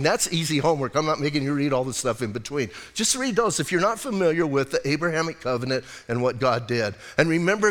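A middle-aged male pastor preaching a sermon in a chatty, animated storytelling manner. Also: fairly high pitch. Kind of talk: expository sermon. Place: church. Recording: reverberant church sanctuary.

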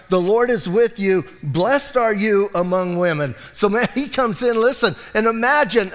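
A man preaching a sermon as pastor, talking in an animated, conversational way and often breaking in with "listen" and "right?". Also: high voice, long reverb tail. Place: church.

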